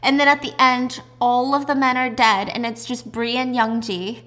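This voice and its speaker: A woman casually recapping a drama plot in a chatty, animated way with side remarks. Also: on the high side, moderate pace. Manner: chatty, animated retelling with asides.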